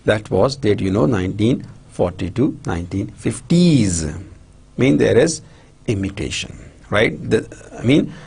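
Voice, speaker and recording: Man, Pakistani English accent, lecturer, husky and gravelly, lively pitch, keeps asking if it is clear. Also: a little slow. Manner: repetitive, checks understanding often, many restarts. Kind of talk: recorded university lecture.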